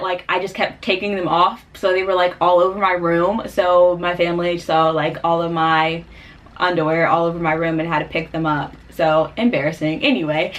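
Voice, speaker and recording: A young woman vlogger telling a personal story in a casual, chatty way, full of fillers, getting animated when she quotes people. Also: medium pitch. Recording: voice a bit distant from the mic.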